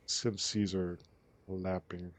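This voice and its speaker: A man hosting a live game stream, chatting casually with a friend and quick asides while he plays. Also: deep voice, flat delivery, no room sound. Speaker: streamer host. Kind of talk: casual gaming chat. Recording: game sounds under voice.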